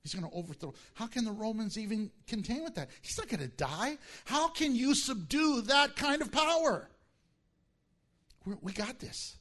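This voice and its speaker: A male pastor preaching a sermon, animated and acting out the disciples' voices as he tells the story. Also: very high-pitched, measured pace.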